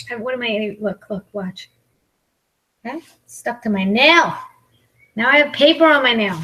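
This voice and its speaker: A woman's voice: on the high side, unhurried, pauses often, sharp tone, a little hiss or hum, rough recording. A woman in her forties, a comedian chatting casually and mocking herself as she eats on a live video. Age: 40s. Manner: chatty, self-mocking, complaining. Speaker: comedian and mukbang vlogger. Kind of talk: casual chat while eating.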